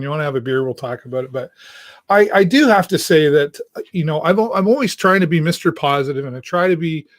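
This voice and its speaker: A man hosting his own show delivers an earnest, halting monologue straight to viewers and keeps restarting mid-sentence. His voice sits a little high for a man. The sound is dry and close, with almost no room in it. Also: no echo. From Canada. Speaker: talk show host. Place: church.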